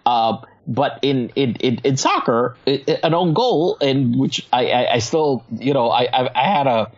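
A woman co-hosting a casual political chat, excitable and stammering through restarts, sometimes swearing. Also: rumbling low, measured pace, highs cut off.

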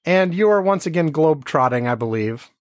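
A man hosting a podcast, talking with calm, dry teasing. His voice sits a bit high for a man and is recorded dry and close with no room sound. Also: fairly quick, dry recording. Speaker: podcast host. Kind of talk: casual chat.

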